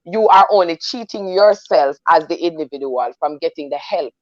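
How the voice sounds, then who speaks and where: A woman's voice: sits low, moderate pace, no echo, muffled recording. A woman with a Jamaican accent on a discussion panel, speaking animatedly and slipping between standard English and patois.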